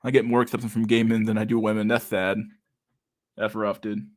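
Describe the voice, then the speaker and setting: Man, 30s, live-stream host, reading chat aloud, casual and profane, low voice, monotone. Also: fairly quick, no echo. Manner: casual, profane, says "dude" a lot, reads comments aloud.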